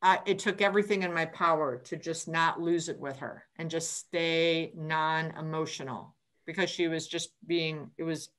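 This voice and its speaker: Chatty woman host, bright and quick to retell stories. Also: deep voice, fairly even intonation. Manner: chatty, retells conversations with restarts. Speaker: book club host. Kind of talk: casual group call discussion.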